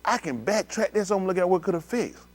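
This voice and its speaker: A man preaching a sermon, animated, swinging between low murmurs and loud exclamations. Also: a little fast. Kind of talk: sermon with live demonstration. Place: synagogue hall.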